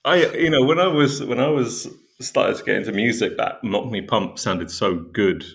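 Middle-aged male podcast co-host, gravelly and low, hesitant chat. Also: moderate pace. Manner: hesitant, filler-heavy, searching for words. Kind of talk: casual chat.

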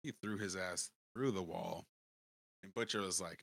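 Low-pitched, bright male podcast co-host. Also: normal speed, creaky, husky, no room sound. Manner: relaxed, slangy, laughs easily. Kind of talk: casual chat.

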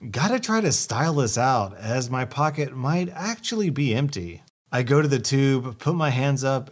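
A man narrating online stories aloud in a scripted, expressive way. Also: medium pitch.

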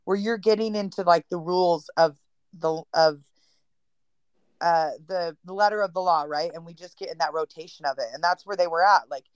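A woman hosting a casual talk, speaking haltingly with many fillers. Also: lowish voice, no echo. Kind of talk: casual chat.

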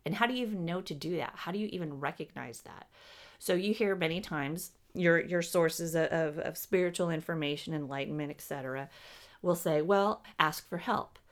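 A woman channeling spiritual teaching, speaking as a collective "we" in a measured, explanatory way. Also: deep voice.

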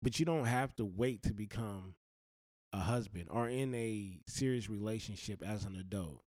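A man's voice: fairly low pitch, normal speed, a little mellow, no room sound. Earnest man giving blunt life advice. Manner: earnest, blunt, slangy, heartfelt. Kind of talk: direct-to-camera life advice monologue.

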